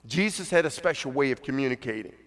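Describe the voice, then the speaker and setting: A man's voice: medium pitch, lively intonation, fast talker, a bit bright, long reverb tail. A man preaching a conversational sermon as pastor, now and then acting out the voices of the people he quotes.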